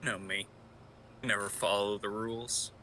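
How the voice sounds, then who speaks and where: A man voicing a brooding, defiant young male vigilante sidekick in a live fan audio drama read, sullen and low, flaring into angry shouts. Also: little pitch movement, normal speed, slight background noise.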